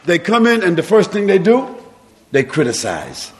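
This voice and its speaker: A male preacher giving an impassioned sermon in a mosque, firing off rhetorical questions and shouting for emphasis. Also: sits high, wildly swooping pitch, normal speed, big-room sound. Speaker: Islamic preacher.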